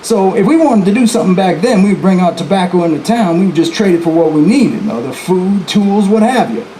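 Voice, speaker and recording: A historical reenactor performs indoors at a live venue as a boastful, defiant outlaw bank robber, telling his story in first person with folksy, chatty asides straight to the audience. His voice sits high with lively intonation, brisk pace and dark tone, and the low-quality recording is roomy with slight background noise.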